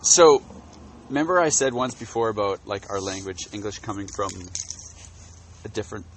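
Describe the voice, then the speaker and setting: A man chatting outdoors on the grass, his pitch rising and falling in a lively way. He rambles and restarts his sentences as he tells a story. A faint hiss of noise sits behind him. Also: normal speed. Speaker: podcast co-host. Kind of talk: casual chat. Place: outdoors on grass in a field full of bugs.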